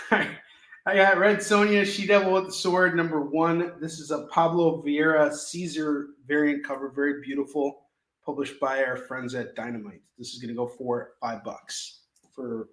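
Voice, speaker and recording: A man's voice: on the high side, fairly even intonation, a little slow, a bit bright. Joking, laughing male comic seller. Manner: jokey, laughing, goofy asides. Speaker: live shopping show host selling comics. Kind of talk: live-stream sales patter. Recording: echoey room.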